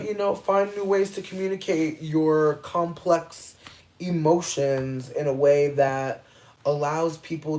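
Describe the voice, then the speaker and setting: A woman's voice: deep voice, dark tone. Chatty, profane woman in her thirties. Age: 30s. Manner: chatty, profane, playful, drawn-out emphasis. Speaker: livestreamer answering chat. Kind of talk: casual livestream chat.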